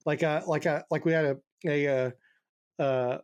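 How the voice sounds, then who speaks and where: A middle-aged man co-hosting a podcast, telling rambling, profane stories in a lively way with lots of fillers. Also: fairly high pitch, normal speed, highs cut off. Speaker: podcast co-host. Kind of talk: casual storytelling chat.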